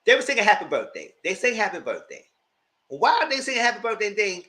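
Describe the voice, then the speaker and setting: A man's voice: sits high, wildly swooping pitch, quick pace, pushed and bright. A man giving a casual live review of a reality TV show, retelling scenes with exasperation and cursing.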